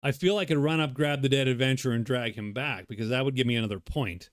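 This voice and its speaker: A man with a medium-pitched voice talks casually as he works through a solo board game. He muses aloud, wanders off on tangents and mutters to himself between moves. The sound is close and dry, with no room echo. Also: quick pace. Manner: thinking aloud, rambling, self-muttering. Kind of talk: casual solo playthrough commentary.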